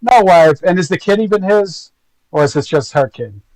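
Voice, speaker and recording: A man's voice: high-pitched, lively intonation, normal speed, a little mellow, dry recording, low-quality recording. A man giving casual, rambling, gossipy commentary to his stream viewers. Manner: rambling, gossipy, full of fillers.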